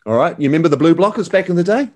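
A man's voice: a little high, expressive, rapid-fire, a little mellow. A man, talking as an enthusiastic, slangy guest in a casual interview. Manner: enthusiastic, slangy, calls the host mate.

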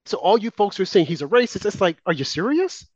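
A man's voice: high-pitched, sing-song, fast talker, dry recording. A man co-hosting a political talk show, delivering emphatic, heated opinion commentary aimed at his co-host. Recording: dull, lo-fi and dry.

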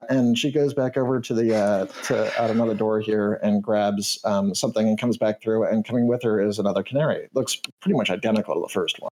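A man narrating as game master of a tabletop role-playing game, halting and full of fillers. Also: lowish voice, steady tone, a little mellow, a little hiss or hum, rough recording.

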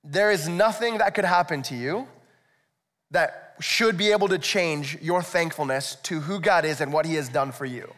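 A man's voice: on the high side, normal speed, a bit bright. A male pastor preaching a sermon in a conversational, explanatory way, with rhetorical asides to the congregation. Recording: echoey hall, long reverb.

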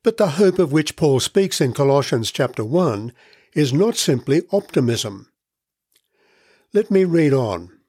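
A man giving a scripted devotional Bible teaching, reading in a measured, earnest way and leaning on key words. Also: fairly high pitch, very animated, darkish tone, husky, dry recording, studio quality.

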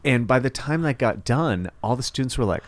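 A man's voice: medium pitch, animated, a little fast, no room sound. A man hosting a podcast interview, talking in a loose, chatty way, laughing often and swearing casually. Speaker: podcast host.

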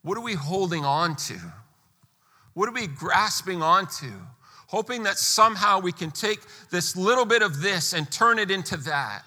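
A man preaching a sermon as pastor, emphatic, pressing hard on key words and rising to near-shouts. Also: sits high, expressive, moderate pace, in a large hall.

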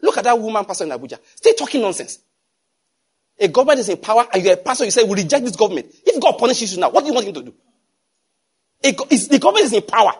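A man with a Nigerian accent preaching a conversational, digressive sermon, swinging from hushed asides to loud emphasis. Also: extremely high pitch, very animated, very fast, long pauses, breathy edge. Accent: Nigerian English. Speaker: pastor.

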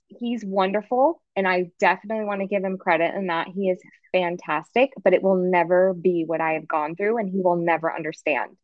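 Brief: woman in her thirties, lower voice, candid and emotional, slightly muffled dry recording. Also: no echo. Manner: frank, emotional, rambling with restarts. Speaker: podcast guest, photographer. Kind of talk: candid conversational storytelling.

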